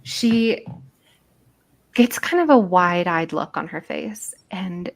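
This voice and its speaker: A woman's voice: fairly low pitch, animated, takes it slowly. A woman narrating as game master in a loose, chatty way, thinking aloud as she goes.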